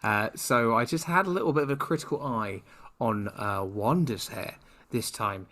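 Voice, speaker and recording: A man's voice: medium pitch, moderate pace, a bit bright. A man with a British accent co-hosting a podcast, chatting casually in a rambling, playfully sarcastic way. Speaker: podcast co-host. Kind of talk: casual chat.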